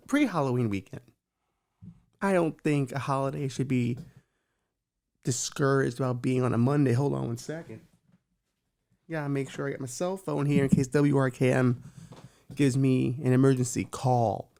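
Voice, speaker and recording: A man's voice: mid-range voice, dark tone. A young adult man hosting a comedic talk show, delivering a profane, joking monologue. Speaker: host.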